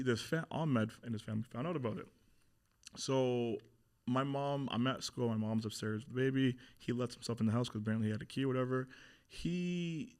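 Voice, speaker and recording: A young man talking at a rapid clip in a middle-range voice, a guest recounting his past in casual, unfiltered speech. He slips into other people's voices as he tells the story, swearing freely and piling up fillers. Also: mid-range voice. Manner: animated retelling, acting out quoted voices, frequent swearing and fillers. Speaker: interview guest. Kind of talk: candid storytelling in a podcast interview.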